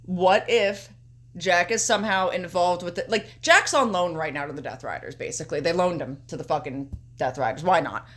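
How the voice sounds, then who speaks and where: A young woman with a low, slightly bright voice speaks at a moderate pace while co-hosting a casual podcast chat. Loose and offhand, she swears often and talks at length through her picks.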